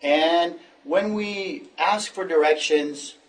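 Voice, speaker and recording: A middle-aged man from the United States teaches an English lesson in a classroom, patiently repeating phrases so learners can follow. He speaks slowly in a somewhat high voice, and the recording is low quality with the mic set at a distance.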